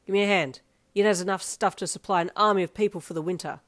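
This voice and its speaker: A woman voicing a gruff, blunt middle-aged father who is caring underneath. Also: medium pitch, fairly even intonation, quick pace, dry recording, natural voice. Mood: joking. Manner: snappy, then gently fatherly.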